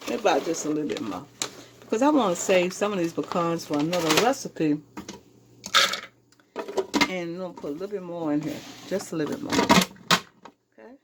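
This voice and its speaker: A chatty Southern woman walks viewers through a recipe in her own kitchen, her voice sitting on the low side. Clear kitchen noise of handling and rustling runs behind her. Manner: chatty, addresses viewers as y'all. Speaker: home cooking show host. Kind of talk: casual cooking demonstration. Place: home kitchen.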